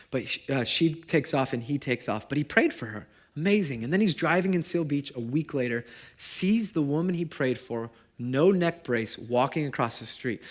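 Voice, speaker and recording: Brief: male pastor, thirties, lively sermon storytelling, slightly high-pitched voice. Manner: animated, swings from loud emphasis to quiet storytelling. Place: church service.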